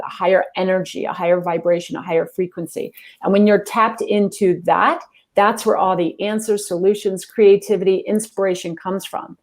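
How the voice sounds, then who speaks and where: A woman executive coach speaks as an interview guest in a mid-range voice. She talks quickly and earnestly, with a spiritual, heartfelt manner. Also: mid-range voice, a little mellow. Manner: earnest, fast-talking, spiritual. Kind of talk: interview answers.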